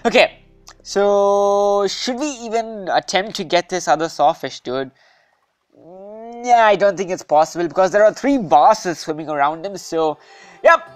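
A man hosting a gameplay video, chatting playfully and bursting into shouts and sing-song calls. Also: high voice, lively intonation, normal speed, soft background music. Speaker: gaming video host. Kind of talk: gameplay commentary.

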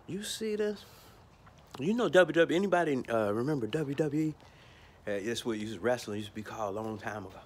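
A man from Georgia, telling a lively story outdoors about his lawn care work, often stumbling over repeated words. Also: mid-range voice, brisk, husky. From Atlanta, Georgia. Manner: animated, stumbling repeats, acts out bits. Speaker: lawn care worker filming a vlog. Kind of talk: casual storytelling. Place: outdoors by a carport.

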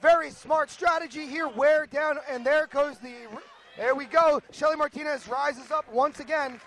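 A man's voice: extremely high pitch, fairly even intonation, moderate pace, fairly bright tone, a little hiss or hum. A man calling a wrestling match play by play, joking and teasing his partner. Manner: joking, laughs often, teases partner. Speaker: wrestling commentator. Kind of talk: play-by-play commentary.

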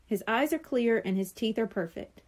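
Storybook vet, gentle and calm, lively rise and fall, read by a woman. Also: fairly high pitch, normal speed. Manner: calm, reassuring. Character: kind gentle male veterinarian.

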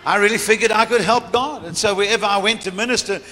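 Bright-voiced man preaching in a hall. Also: high-pitched, fast. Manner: storytelling with laughter. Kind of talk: sermon testimony. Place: large church hall. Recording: reverberant church hall, faint room noise.

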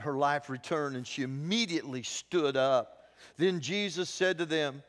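Here a pastor's voice sits on the high side, fairly bright in tone and at normal speed. He preaches a sermon with animated storytelling, imitating the people he quotes, and the sanctuary recording has a long church-hall reverb.

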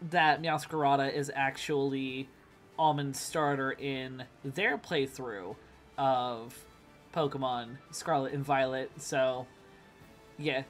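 Rambling mid-pitched gamer friend. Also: a bit bright. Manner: rambling, hesitant explanations with fillers. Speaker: friend and co-player. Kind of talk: casual gaming chat.

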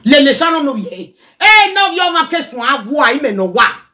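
A middle-aged Nigerian woman chatting casually in a reaction vlog, animated and scolding by turns. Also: high-pitched, normal speed. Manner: animated, mixes pidgin and Yoruba, scolding asides. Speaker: social media commentator.

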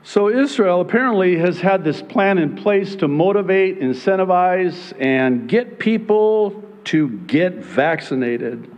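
A male pastor preaching about prophecy from the pulpit, sarcastic and animated, mocking his critics in put-on voices. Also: high voice, measured pace, hardly any pauses, lo-fi sound. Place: church sanctuary.

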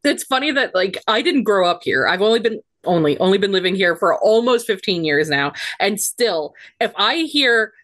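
Brief: female podcast co-host, mid-pitched, talks things through at length with lots of fillers, dry close mic. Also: animated, normal speed, hardly any pauses, fairly bright tone, dry recording. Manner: rambling, thoughtful, explaining at length. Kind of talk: casual chat.

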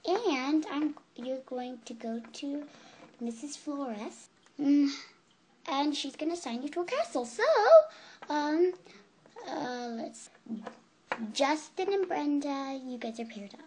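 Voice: high voice, a little mellow, a little hiss or hum. A child voicing a fussy pet camp counselor. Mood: bossy. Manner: fussy, calls campers honey, halting with ums. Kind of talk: toy role-play video.

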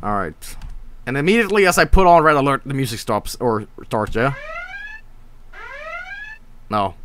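A man streaming a space game, chatting casually, swearing and breaking into shouts when the fighting starts. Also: mid-range voice, moderate pace, slight background noise. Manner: excitable, swearing, jumps to shouting in combat. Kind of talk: casual gameplay commentary.

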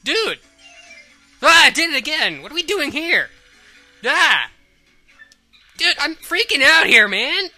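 A woman gives casual, jokey gameplay commentary, slangy and quick to get excited. Her voice is very bright and lively in pitch, with faint music underneath. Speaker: let's play host.

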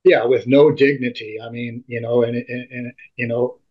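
A man being interviewed, telling a personal story in halting speech that often repeats and restarts words. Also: mid-range voice, flat delivery. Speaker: interview guest. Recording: dull lo-fi recording.

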